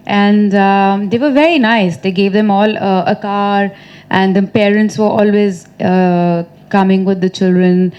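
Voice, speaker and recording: A woman's voice: medium pitch, steady tone, measured pace, clear, resonant tone, muffled recording. A woman in her thirties answering questions at a press conference, chatty and teasing, laughing often. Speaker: actress at a press meet.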